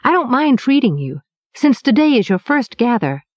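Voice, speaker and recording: A woman puts on a cheeky young apprentice boy, pitched up high and wheedling, full of hungry eagerness. His voice swings about with lots of lively rise and fall, heard dry and close on a dull, lo-fi recording. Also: moderate pace, no echo. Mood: eager.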